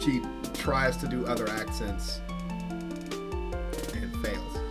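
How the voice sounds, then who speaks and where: A man's voice: on the low side, extremely slow, loud music behind the voice. A man hosting a reaction video, talking casually, teasing and swearing freely. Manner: animated, profane, teasing. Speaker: channel host reacting to videos.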